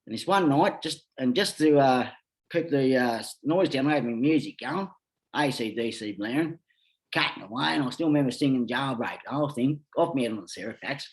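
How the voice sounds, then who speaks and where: On a podcast, a middle-aged Australian guest tells rambling, lively tales in a brisk, mid-range voice. The talk is casual, and he curses constantly throughout.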